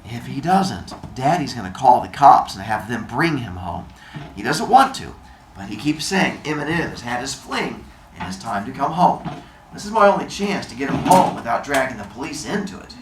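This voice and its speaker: An earnest young woman fretting over her little brother, as a male reader puts her on. Her voice sits higher than his plain reading voice. It is heard in a roomy space with a faint hiss. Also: sing-song, normal speed, lightly acted. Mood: worried. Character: young woman, protective big sister. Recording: roomy room with faint noise.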